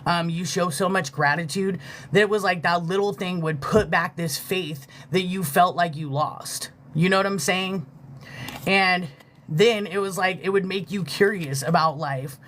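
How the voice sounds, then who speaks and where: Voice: mid-range voice, a little slow, fairly bright tone, slight background noise. A live-stream spiritual reader speaking casually and from the heart, swearing freely, leaning on fillers, and stopping to thank viewers. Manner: thanks viewers for gifts mid-reading.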